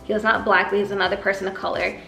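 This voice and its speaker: A young woman with a slight Southern country accent tells a personal story in a vlog, acting out the people in it with lively put-on voices. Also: medium pitch, racing, vocal fry. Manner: animated, acts out dialogue with exaggerated voices. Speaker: vlogger. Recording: echoey room with faint music.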